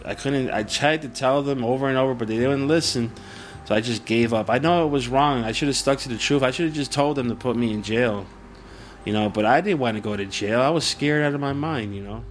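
A man's voice: mid-range voice, fairly quick, a little hiss or hum. A man recounting events in an interview, plain-spoken and emphatic, swearing freely. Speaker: interviewee, former witness. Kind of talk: recorded interview.

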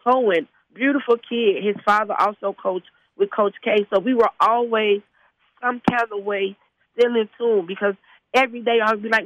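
A woman who is a high school football head coach, talking loosely and conversationally in an interview. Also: steady tone, moderate pace, highs cut off. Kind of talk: casual interview talk.

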